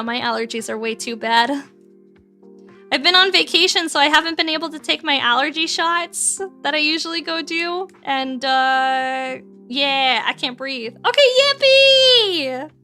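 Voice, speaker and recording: Very high-voiced playful woman. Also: sharp tone. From Canada. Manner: playful, giggly, teasing. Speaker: streamer. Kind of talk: casual livestream chat while building a model kit.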